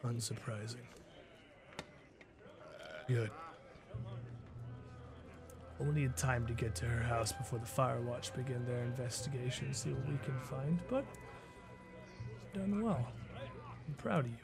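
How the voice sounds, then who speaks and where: A man voicing a curt, gravelly woman who runs a criminal guild in a tabletop game, speaking low and businesslike. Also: measured pace, pauses often, over music. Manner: terse and businesslike, low and hushed. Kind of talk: tabletop role-play character voice.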